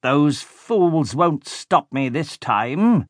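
A man's voice: fairly high pitch, big pitch swings, no echo, studio quality, voice pushed up, exaggerated voice. A man playing a sneering villainous baron. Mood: gloating. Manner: slow, gloating, shouts insults. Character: sneering villainous male baron, bossy, cruel.

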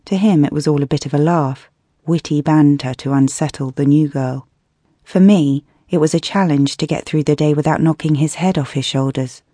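Warm-voiced British woman narrating an audiobook. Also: sits low, fairly even intonation, normal speed, breathy edge, dry recording, studio quality. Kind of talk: scripted first-person audiobook narration.

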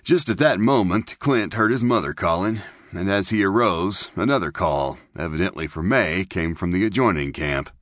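A man narrating a western novel as an audiobook, in measured storytelling. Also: deep voice, animated, a bit bright, no echo, clean studio sound. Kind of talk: scripted narration.

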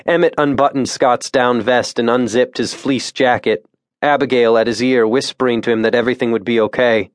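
A man reading a suspense thriller audiobook in a measured, tense narration voice on a close studio mic. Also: mid-range voice, steady tone, no room sound. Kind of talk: scripted narration.

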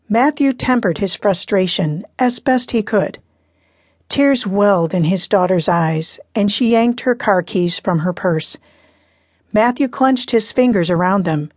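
A female audiobook narrator reads from a novel in a measured, even storytelling style. Her voice is medium-pitched, and the recording is dry, as is typical of scripted narration.

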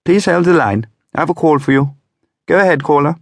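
A man's voice: a little high, lively intonation, a little fast, dry recording, studio quality, pitched above the performer's own voice. A man voicing a posh, professional telephone operator who speaks in a clipped, formal, polite way.

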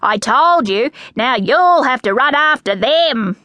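A woman's voice: high-pitched, animated, slow, sharp tone, no echo, pitched above the performer's own voice, full character voice. A woman with an Australian accent voicing grumpy older magpie siblings who lecture the younger chicks in a storybook. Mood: grumpy smug. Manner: grumpy, told-you-so.

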